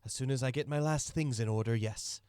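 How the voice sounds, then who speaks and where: A man's voice: medium pitch, fairly quick, darkish tone, clear, resonant tone, dry recording, close to an everyday voice. A man voicing an impatient, snobbish male merchant who barks orders and scolds his helpers, in a tabletop game.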